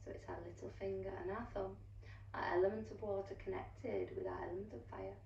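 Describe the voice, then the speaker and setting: A woman teaching an online yoga class, giving slow, soothing cues and now and then dropping into a soft whisper. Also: medium pitch, fairly even intonation, creaky, slight background noise. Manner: soothing, unhurried cueing with soft drawn-out words. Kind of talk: guided yoga class instruction. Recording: distant, roomy, dull and lo-fi.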